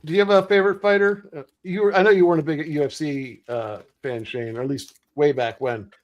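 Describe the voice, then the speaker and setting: The recording is lo-fi, carrying a man's fairly high, steady voice at a brisk pace. He hosts a casual stream where he opens card packs, chatting eagerly and laughing often.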